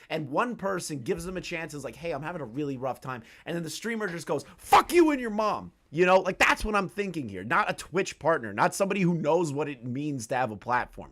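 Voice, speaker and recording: A man's voice: a little high, a bit bright. A young man streaming a profane reaction commentary, ranting in disbelief with lots of swearing and frequent laughter. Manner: incredulous ranting, swears a lot, laughs often.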